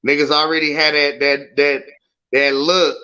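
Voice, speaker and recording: Man, casual chat, slightly high voice, joking interjections, muffled recording. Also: level tone, normal speed, sharp tone. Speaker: podcast co-host. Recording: dull lo-fi recording.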